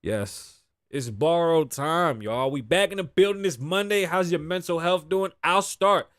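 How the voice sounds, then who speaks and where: A man's voice: on the high side, unhurried, a bit bright, dry recording, studio quality. A man hosting his live show, talking casually and profanely, telling stories with sighs and laughs. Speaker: host. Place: Las Vegas.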